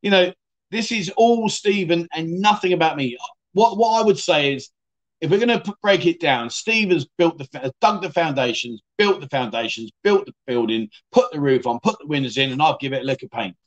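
A man's voice: a little high, expressive, fairly quick, highs cut off. A middle-aged man hosting a casual livestream, reading out viewer comments with cheeky, self-mocking humour and frequent laughs. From United Kingdom. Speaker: livestream host.

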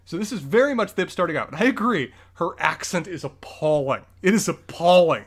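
A man co-hosting a casual film-review podcast, explaining the story in thorough detail. His voice sits a little high, and he speeds through stretches in quick bursts before settling again. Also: lively intonation. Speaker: podcast co-host. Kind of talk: casual movie review chat.

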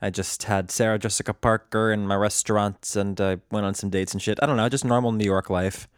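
A man's voice: on the low side, steady tone, fairly quick, clean tone, no echo, studio quality. A man in his thirties co-hosting a podcast, teasing and joking in casual chat with some swearing. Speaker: podcast co-host.

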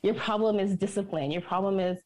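A middle-aged woman speaks as a guest on a podcast interview. She tells her stories in an animated, expressive way and laughs readily. Her voice sits at an ordinary middle pitch. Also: a little fast. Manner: animated storyteller, laughs often. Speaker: purpose coach and minister.

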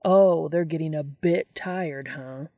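A woman's voice: low voice, normal speed, vocal fry, dry recording, clean studio sound. A woman voicing a tired, whiny, sarcastic man in a fan fiction audiobook, grumbling as she speaks his lines.

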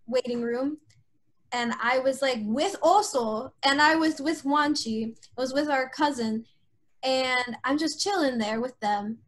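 High-voiced young woman, casual storytelling. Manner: frequent filler "like", trailing restarts; voice drops low and soft in sad moments. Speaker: guest sharing a personal story.

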